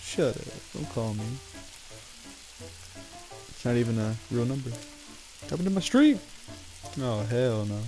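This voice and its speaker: A man's voice: medium pitch, lively intonation, measured pace, long pauses, rough recording. A man streaming a visual novel, reading the game's lines aloud with joking asides. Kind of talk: live game stream reading dialogue. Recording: game music playing clearly behind. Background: game music.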